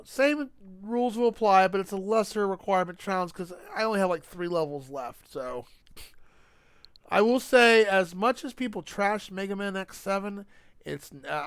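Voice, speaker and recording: Chatty high-voiced male game streamer. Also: a bit bright, clear, resonant tone, no room sound, studio quality. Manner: chatty, rambling, talks to chat. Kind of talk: casual gaming stream chat.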